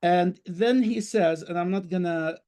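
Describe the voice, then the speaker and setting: A man's voice: high-pitched, measured pace, mellow. A man speaking as a guest on an online panel, passionate and emphatic, talking in short bursts and repeating words for stress.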